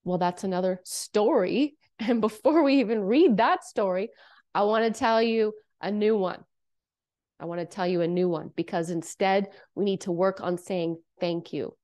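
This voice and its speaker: A woman's voice: mid-range voice, moderate pace, a little mellow. A woman from Canada talking to camera about everyday habits in an earnest, coaching way, often checking in with "okay?" and "right?". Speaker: self-help speaker. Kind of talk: casual monologue to camera.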